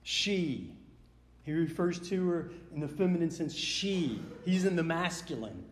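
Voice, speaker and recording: A man's voice: on the high side, lively intonation, measured pace. A man preaching a sermon in an earnest way, often repeating words as he builds emphasis. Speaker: pastor. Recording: echoey hall with long reverb.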